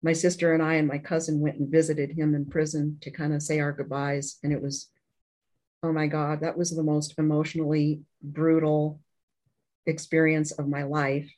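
A woman's voice: deep voice, flat delivery, a little mellow, low-quality recording. Earnest woman telling a personal story. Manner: candid and earnest, with halting restarts. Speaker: interview guest.

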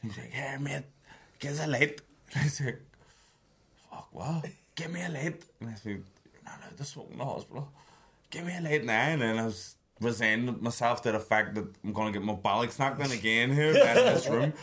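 A man in his twenties tells stories in a loose, profane way and keeps breaking into laughter. His voice sits at an ordinary middle pitch. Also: expressive, fairly quick, fairly bright tone. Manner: sweary, laughing storyteller. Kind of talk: casual storytelling chat.

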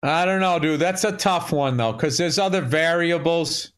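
A man with a slightly high voice talks sports on a casual chat show. He rants in a lively, loose way, swearing freely as he tells his stories. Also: normal speed. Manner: animated, profane sports rant. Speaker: podcast co-host.

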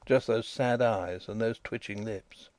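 A man giving an expressive, scripted narration of a novel as an audiobook reader. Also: on the low side, a little slow, no room sound.

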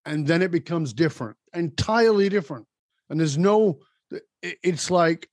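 Emphatic higher-voiced male podcast host. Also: animated, moderate pace, no room sound, studio quality. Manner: emphatic, motivational, direct address to listeners. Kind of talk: conversational podcast interview.

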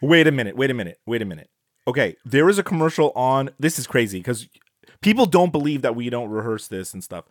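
A man co-hosting a casual podcast chat, excitable and quick to laugh, often tripping over his words and restarting. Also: mid-range voice, dry recording, studio quality. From Canada. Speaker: podcast co-host.

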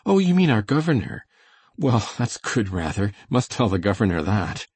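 A man's voice: on the low side, normal speed, breathy edge, no echo. A man voicing a shrewd, kindly little man of about thirty who talks heartily and persuasively, in a storybook reading. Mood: enthusiastic.

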